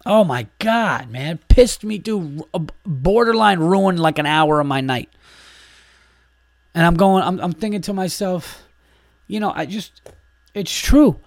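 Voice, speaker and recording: A man's voice: sits high, animated, measured pace, dry recording, clean studio sound. A man hosting a podcast, delivering an exasperated, profane monologue in a casual ranting way. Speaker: podcast host and comedian.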